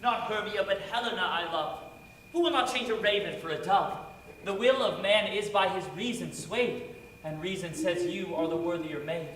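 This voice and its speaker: A man's voice: sits high, moderate pace, a bit bright. A young man playing an ardent young lover, declaiming verse earnestly on stage in an echoey hall, heard from a distance. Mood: passionate. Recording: echoey hall from far off, with noise.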